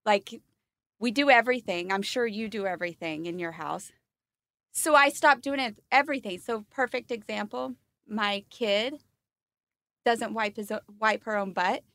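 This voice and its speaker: A woman's voice: mid-range voice, normal speed, a bit bright, no room sound. A woman guest on a podcast, talking candidly and laughing as she tells stories about home life. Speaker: guest giving parenting advice. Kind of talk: casual podcast chat.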